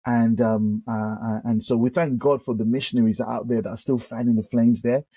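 A British pastor tells his story as a guest, restarting his sentences and picking up energy as he goes. His voice is warm and mellow with a husky edge. He is recorded close and dry. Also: mid-range voice, fairly quick, no room sound. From United Kingdom. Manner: animated storyteller with frequent restarts. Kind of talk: conversational testimony.

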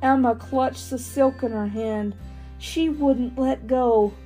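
Slow, mellow woman reading a storybook. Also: high-pitched, faint music behind. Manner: expressive, dramatic pauses. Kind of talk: storybook read-aloud.

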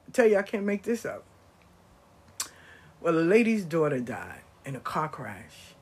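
A woman telling a story in a profane, animated way, with loud bursts that drop to low murmurs. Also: measured pace, long pauses, slightly rough. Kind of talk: storytelling talk.

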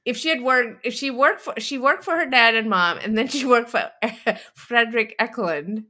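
A woman's voice: fairly high pitch, moderate pace, pushed and bright. A woman co-hosting a podcast, chatting casually and joking, often quoting people in playful voices. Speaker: podcast co-host. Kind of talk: casual chat recapping a reality show.

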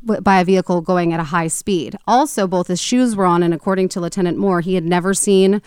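A woman co-hosting a podcast and telling a true-crime story in a chatty, animated way with frequent restarts. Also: on the low side, quick pace, smooth, no room sound, studio quality. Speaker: podcast co-host.

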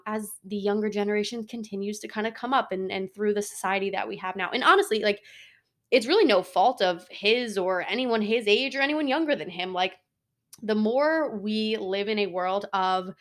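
A woman's voice: medium pitch, a bit bright. A woman in her twenties talking through a solo podcast episode in a casual, earnest way, with lots of "like" and "you know". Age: 20s. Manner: earnest, chatty, heavy on fillers like "like" and "you know". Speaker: podcast host.

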